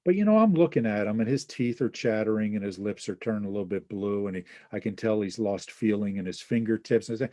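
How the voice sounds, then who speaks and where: A man's voice: on the low side, expressive, moderate pace, warm tone, no echo. A man hosting a webinar, teaching casually and acting out small example scenes with lots of fillers. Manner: acts out little scenes with quoted voices, many fillers and asides. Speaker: webinar host and Enneagram teacher.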